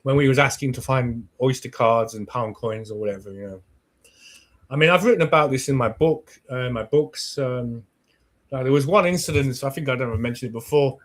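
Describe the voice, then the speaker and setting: A man with a British accent, a podcast host who chats casually and tells stories with lively swearing. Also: mid-range voice, fairly quick. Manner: animated, swears freely, acts out his own past thoughts. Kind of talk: casual chat, storytelling.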